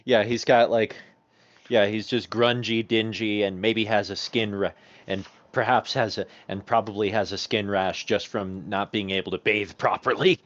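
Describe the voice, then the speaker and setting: A man's voice: on the low side, moderate pace. A man playing in a tabletop game, chatting casually and rambling with lots of laughter. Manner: animated, laughing, rambling storyteller. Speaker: player. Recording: dull, lo-fi stream audio.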